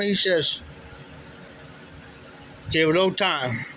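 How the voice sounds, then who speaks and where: A man's voice: fairly high pitch, slow, bright, forceful tone, slight background noise, poor audio. A man casually telling a long story, rambling and repeating "he says" and "I said" as he quotes people. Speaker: livestream storyteller. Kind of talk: casual spoken anecdote.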